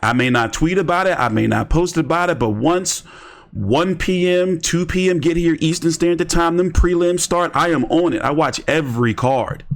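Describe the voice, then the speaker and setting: A man browses and mutters to himself on a casual live stream, offering rambling, slang-filled takes on boxing. He speaks at normal speed in a fairly high-pitched voice.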